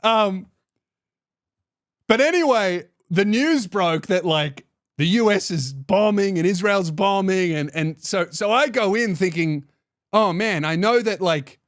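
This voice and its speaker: High-voiced man riffing casually. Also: a bit bright, no room sound, clean studio sound. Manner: rambling, many restarts, swears freely. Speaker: podcast host and comedian. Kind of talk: casual comedic monologue.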